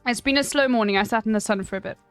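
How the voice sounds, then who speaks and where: A South African woman streaming from her desk, reading a news article aloud and then breaking off into wry, sweary asides. Her voice sits a little high, close and dry on the mic, with faint music under it. She talks in a loose way, full of restarts. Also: rapid-fire, no echo.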